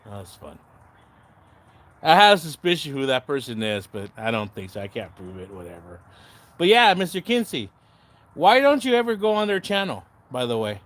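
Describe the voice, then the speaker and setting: This livestream host has a sing-song, fairly bright voice at medium pitch and normal speed. He chats casually with commenters, rambling and sarcastic, cursing liberally and frequently losing track of what he was saying.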